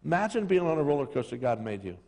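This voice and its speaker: The long reverb of a church sanctuary surrounds a middle-aged pastor whose mid-range voice is gravelly and a little mellow. He preaches fast with big pitch swings, telling jokey stories and performing different voices.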